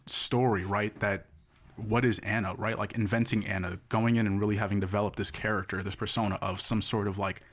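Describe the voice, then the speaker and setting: A man's voice: lowish voice, fairly even intonation, brisk. A man co-hosting a podcast in casual chat, telling a story at length and checking in with "right?". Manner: rambling storyteller, tags lines with "right?". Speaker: podcast co-host.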